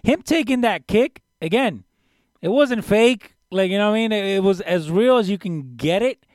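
A man co-hosting a casual wrestling podcast, speaking emphatically and getting more excited as he goes. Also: high voice, normal speed, no room sound.

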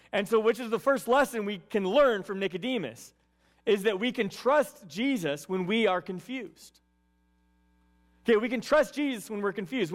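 A man preaching a conversational sermon, reading scripture and often checking in with "right?" and "okay". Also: high voice. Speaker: pastor.

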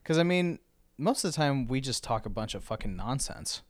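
A man's voice: medium pitch, lively intonation, normal speed, dry recording. A young man co-hosting a podcast, swearing casually, reacting dryly and laughing often. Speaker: podcast co-host. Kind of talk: casual chat.

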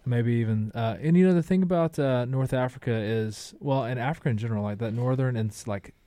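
A man's voice: medium pitch, brisk, dark tone, dry recording. A man, a chef and restaurant owner, chatting casually as a guest in rambling, laid-back stories. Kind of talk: casual conversation.

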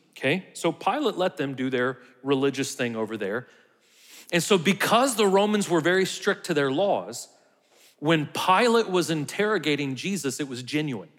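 A man with a fairly high voice preaches a sermon in a casual, conversational way. At times he drops almost to a whisper to stress a point. His voice rings with the long reverb of a large hall. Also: fairly bright tone. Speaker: pastor.

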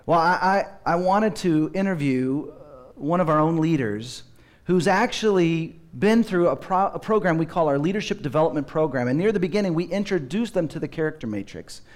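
A man's voice: a little high, animated, normal speed. Storytelling male pastor. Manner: storytelling, acts out children's voices with humor. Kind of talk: sermon.

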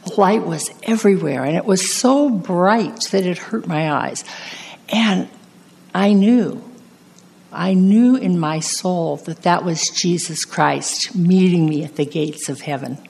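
Slow, low-voiced woman preaching. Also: vocal fry, darkish tone. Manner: slow, earnest personal testimony. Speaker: pastor. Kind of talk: sermon.

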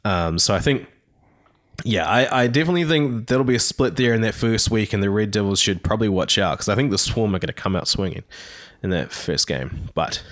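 A man's voice: on the low side, lively intonation, fairly quick. A man co-hosting a podcast in an easygoing, casual way with lots of fillers. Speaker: podcast co-host. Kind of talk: casual chat.

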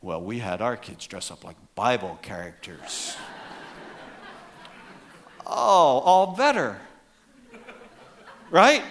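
A man preaching a humorous sermon to his congregation, joking and animated, dropping to quiet asides. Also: medium pitch, slow, long pauses. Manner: jokey, animated, drops to soft asides. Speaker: pastor.

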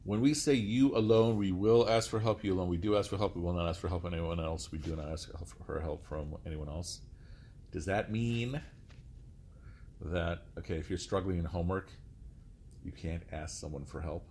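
A man's voice: low voice, normal speed, warm tone, slight background noise. A male teacher giving a classroom lecture, explaining step by step, often saying "okay" and quizzing his students with questions.

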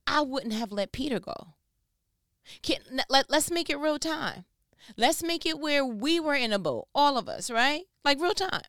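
A woman giving casual devotional Bible teaching, telling the stories in an animated, slangy way and acting out the people in them. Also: high-pitched, dry recording, studio quality. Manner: animated storytelling, slangy, acts out voices.

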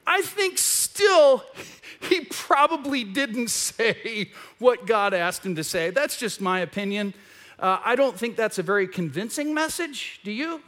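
A man preaching a conversational sermon as pastor in a church, telling a story with animated retellings. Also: very high voice. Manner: animated storytelling, acts out quoted voices.

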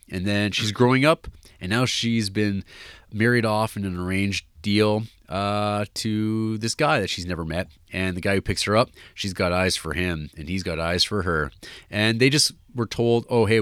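A man's voice: fairly low pitch, fairly bright tone, clean tone, no room sound, studio quality. A man co-hosting a podcast, talking through a film in a rambling casual way with many fillers and restarts. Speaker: podcast co-host.

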